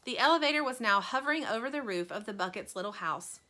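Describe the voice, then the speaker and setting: A woman reading a children's chapter book aloud as storyteller, animated and friendly. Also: fairly high pitch, fast talker.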